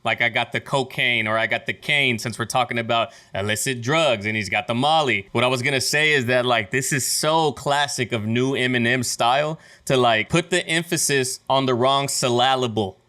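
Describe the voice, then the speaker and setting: A young man reacting to music in casual, excitable commentary, pulling apart rhymes and wordplay with frequent laughs. His voice is bright and forceful, sitting at an ordinary pitch for a man. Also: normal speed, hardly any pauses.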